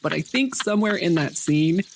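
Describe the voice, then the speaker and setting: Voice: mid-range voice, normal speed, vocal fry, a little hiss or hum. A podcast co-host retelling a movie in casual, jokey chat. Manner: animated, jokey storytelling.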